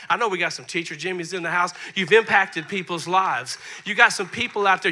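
A man, preaching a sermon as pastor, moving between soft asides and loud emphasis. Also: high-pitched. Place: church sanctuary.

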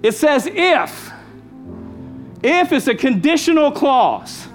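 A man with a very high voice preaches a sermon as a pastor. He hammers his points home, repeating key lines and calling out to the congregation. Soft music plays faintly behind him. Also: very animated, slow pace. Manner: emphatic preaching with repeated phrases and call-outs.

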